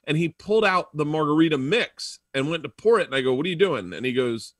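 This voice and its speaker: A male comedian guest telling stories in an interview, animated and acting out quoted lines. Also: a little high, a little fast, dry recording, clean studio sound. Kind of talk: storytelling in an interview.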